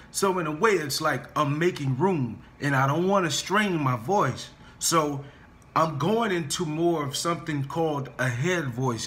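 A male singing teacher with a bright, forceful voice walks his students through warm-up scales at an unhurried, deliberate pace. He is encouraging and talks directly to them, often saying "okay?" and "guys". He sometimes stammers and restarts his sentences as he explains. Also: fairly high pitch. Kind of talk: vocal lesson with warm-up scales.

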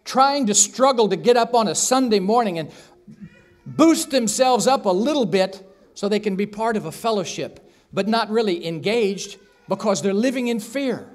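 This pastor's high-pitched voice moves with lively intonation at a normal pace as he preaches in a church sanctuary. He tells a story, acting out the characters' voices, and asks the congregation questions.

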